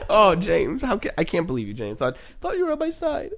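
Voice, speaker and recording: A man's voice: high voice, wildly swooping pitch, normal speed, gravelly, crowd noise. A young man co-hosting a podcast, telling stories in a casual chat and laughing often. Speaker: podcast co-host.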